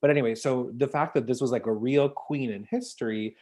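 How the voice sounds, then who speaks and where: A woman co-hosting a podcast, chatting casually about a TV show in an animated, rambling way full of fillers and restarts. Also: a bass voice, brisk. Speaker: podcast co-host. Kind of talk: casual chat reviewing a TV show.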